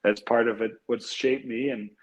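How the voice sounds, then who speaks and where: A man's voice: medium pitch, fairly even intonation, moderate pace, husky, rough recording. A young man, a hockey player, recounting his story earnestly as an interview guest, with frequent fillers and repeated words. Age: young adult. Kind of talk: casual interview conversation.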